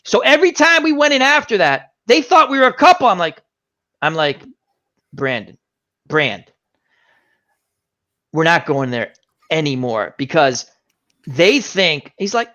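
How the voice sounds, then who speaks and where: A man hosting a casual chat, telling an animated anecdote and acting out the voices of the people in it. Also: a little high, unhurried, long pauses. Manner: animated anecdote teller, acts out quoted voices. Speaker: host. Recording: dull lo-fi stream audio.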